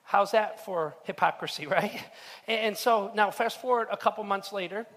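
Earnest high-voiced pastor in reverberant hall. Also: male voice, normal speed, fairly bright tone. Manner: storytelling, earnest, frequent stammered restarts. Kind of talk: sermon. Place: church hall.

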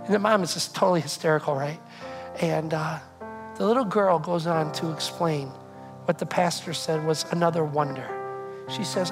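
An earnest pastor delivers a sermon as a story, often doubling back on words as the thought builds. The voice sits in a middle pitch. Music plays clearly underneath. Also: steady tone, moderate pace, low-quality recording.

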